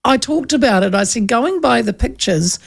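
A woman's voice: on the high side, animated, moderate pace, creaky, husky. A middle-aged woman with a New Zealand accent, hosting a show and telling stories in a chatty way, laughing often. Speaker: radio host. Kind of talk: casual chat.

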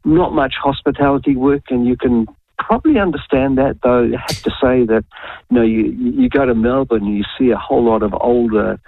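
A man's voice: mid-range voice, brisk, no room sound. New Zealand man on a tinny phone line. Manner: easygoing, hesitant, many fillers. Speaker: guest, founder of an employment service. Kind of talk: casual radio interview.

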